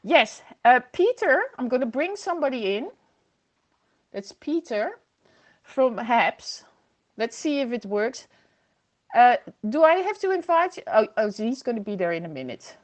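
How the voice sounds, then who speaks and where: Woman host, high voice, chatty livestream talk into a computer mic, reads out viewer comments. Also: sing-song, unhurried. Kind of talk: casual livestream chat. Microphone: computer microphone.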